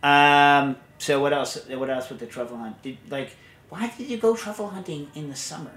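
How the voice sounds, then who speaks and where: A man with a voice on the high side and a fairly bright tone hosts a casual podcast at a moderate pace, with a little hiss or hum in the background. He tells loose, rambling stories and answers listener questions in a chatty way.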